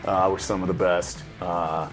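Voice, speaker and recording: A man's voice: low-pitched, little pitch movement, a little slow, faint music behind. A man in his thirties, a military veteran, telling loose, profanity-heavy stories in casual reaction chat. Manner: profane, swears constantly, loose storytelling. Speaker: special operations veteran reacting to a game.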